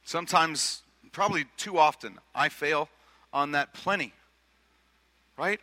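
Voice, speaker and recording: A man's voice: fairly high pitch, unhurried, pauses often, pushed and bright. A male pastor preaching a sermon in a conversational way, asking rhetorical questions and often repeating his words. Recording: long hall reverb.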